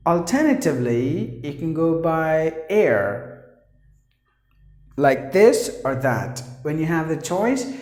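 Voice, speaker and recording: A man's voice: fairly high pitch, darkish tone. A man teaching English pronunciation, repeating each word and giving example sentences. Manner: repeats words slowly, gives example sentences. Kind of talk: pronunciation lesson. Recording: echoey room.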